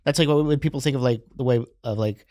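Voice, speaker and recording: A man co-hosting a podcast, chiming in casually with quick questions and lots of fillers. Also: mid-range voice, mellow, dry recording, studio quality. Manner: quick interjections, laughs often, many fillers. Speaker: podcast co-host.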